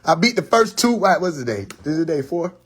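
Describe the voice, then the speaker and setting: A man's voice: on the high side, big pitch swings, fairly quick, a bit bright, slightly rough. A man hosting a live social media stream from his phone, telling a story in loose slang with frequent laughter. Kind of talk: casual live stream monologue.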